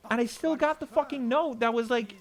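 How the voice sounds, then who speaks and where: A young man streaming a video game, telling stories in an animated, profane, casual way. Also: extremely high pitch, fairly quick. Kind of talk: casual gameplay commentary.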